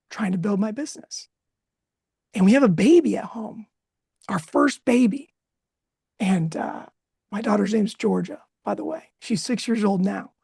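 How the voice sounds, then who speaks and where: A man in his thirties telling a candid personal story, emotional and expressive, laughing now and then. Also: sits high, breathy edge, no room sound, clean studio sound. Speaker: guest speaker.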